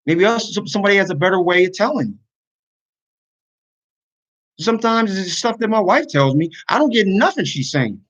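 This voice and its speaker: A man's voice: high voice, animated, normal speed, pauses often, a bit bright, dull audio. A man talking earnestly to his online community in a casual livestream, venting his frustrations. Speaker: YouTuber and podcaster.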